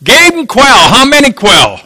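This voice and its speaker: A man's voice: very high voice, huge pitch swings, a little slow, bright, forceful tone, dry recording, rough recording. A man preaching a sermon, telling a story and asking the audience questions.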